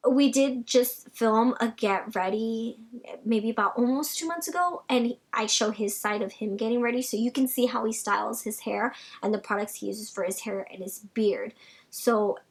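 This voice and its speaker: A young woman vlogger answers viewer questions in a loose, rambling way, full of "like" and restarts. Her voice sits fairly high and has a breathy, slightly husky grain. She sometimes sinks into a soft near-whisper. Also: moderate pace. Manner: chatty, rambling, many "like" fillers. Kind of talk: casual Q&A vlog chat.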